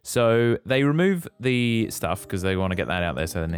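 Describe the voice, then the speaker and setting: A man's voice: on the low side, sing-song, moderate pace, few pauses, soft background music. A man co-hosting a podcast, recapping a film plot in casual, teasing chat. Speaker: podcast co-host.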